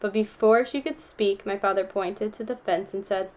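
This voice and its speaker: A woman reading a novel aloud, telling the story steadily and giving the characters gentle voices. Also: mid-range voice, steady tone, moderate pace. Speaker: audiobook reader.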